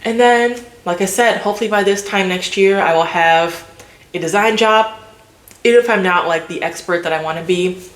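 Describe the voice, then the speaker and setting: A woman's voice: medium pitch, normal speed. A woman vlogger chatting casually to the camera, loose and filler-heavy. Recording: roomy echo.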